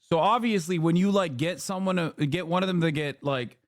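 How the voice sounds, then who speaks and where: Profane ranting male streamer, high-ish dry voice. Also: fairly quick, no echo. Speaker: streamer reacting to clips. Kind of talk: casual livestream commentary.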